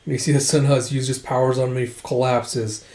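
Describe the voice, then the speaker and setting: A man casually recapping an anime episode, animated, acting out the characters' quotes as he goes. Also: mid-range voice, fairly quick. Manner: animated, acts out quotes, says "it's like" often. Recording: roomy echo.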